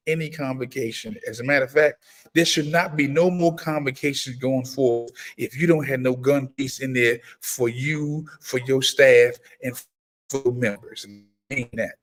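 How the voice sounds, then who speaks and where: A man hosts a casual livestream, talking to his viewers in a middle-pitched voice. He preaches more than he chats, leaning hard on repeated lines and emphatic stress. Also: normal speed. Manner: breaks into high-pitched excited exclamations when greeting viewers. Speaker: firearms trainer and livestream host. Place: gun laws in Maryland.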